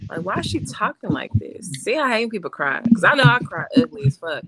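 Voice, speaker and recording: Female co-host, blunt and profane, very expressive, on a noisy line. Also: fairly high pitch, a little fast, gravelly. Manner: blunt, profane, animated storyteller. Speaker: podcast co-host. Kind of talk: casual group podcast chat. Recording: loud noise on remote call.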